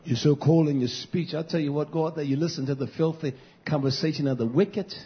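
A male pastor preaching a fiery, scolding sermon, swinging from low mutters to shouts, on a dull lo-fi recording. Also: brisk.

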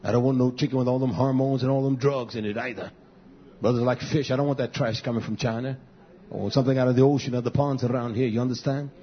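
On a muffled, lo-fi recording, a preacher speaks fast in a steady tone. His fiery sermon is blunt and repetitive. He lurches from shouting to muttering under his breath.

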